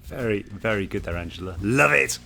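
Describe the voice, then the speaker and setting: A man's voice: on the low side, expressive, brisk, gravelly, bright, forceful tone, soft background music. A man co-hosting a podcast, chatting casually and playfully and putting on silly voices now and then. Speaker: podcast co-host.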